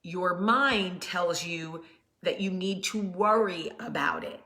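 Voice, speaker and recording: Bright-voiced mother telling a story. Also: fairly low pitch, takes it slowly. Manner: earnest, soothing when reassuring. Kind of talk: casual personal storytelling.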